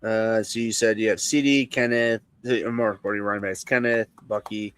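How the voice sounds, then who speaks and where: A man's voice: on the low side, fairly even intonation, normal speed, a bit bright, clean tone, no room sound. A man co-hosting a casual live stream, crude and teasing, laughing often. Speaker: co-host.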